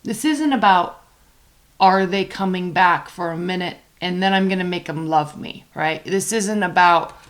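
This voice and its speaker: Casual female tarot reader, chatty and emphatic, stretches key words for stress. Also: mid-range voice.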